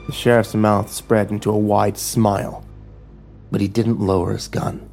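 A man reading a dark story aloud in the first person, with a low, measured, grim delivery. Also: little pitch movement, gravelly. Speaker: narrator. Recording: faint background music.

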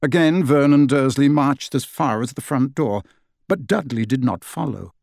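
A man narrating an audiobook in an expressive storytelling manner, close to the mic. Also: medium pitch, normal speed, creaky, no echo. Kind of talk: scripted narration.

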